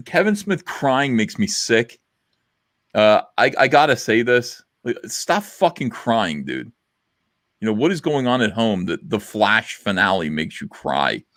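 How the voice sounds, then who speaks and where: A man's voice: fairly low pitch, a bit bright, dry recording, clean studio sound. A middle-aged man hosting a casual livestream chat, rambling and blunt with lots of fillers. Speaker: livestream host.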